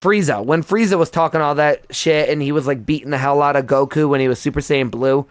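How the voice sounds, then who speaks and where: A young man hosting a podcast in casual chat, ranting in an animated, profane way. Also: on the high side, fast talker, no echo, studio quality. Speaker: podcast host.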